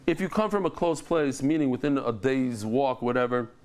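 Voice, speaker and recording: A middle-aged man teaching a daily Talmud class, animated, telling stories with lively joking asides. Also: mid-range voice, normal speed.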